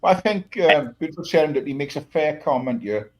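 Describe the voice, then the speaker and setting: Calm man hosting a live stream. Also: a little high, normal speed, a little hiss or hum, rough recording. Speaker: stream host. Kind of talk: moderating a live-stream chat.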